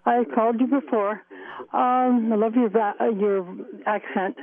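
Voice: mid-range voice, steady tone. A radio caller chatting hesitantly with the host over the phone. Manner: halting, hesitant speech. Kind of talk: phone-in chat. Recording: tinny phone line.

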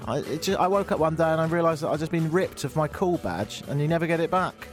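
A middle-aged radio host in casual talk, dry and self-mocking, with a rambling delivery. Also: male voice, fairly high pitch, expressive, fast talker, soft background music. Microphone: studio mic.

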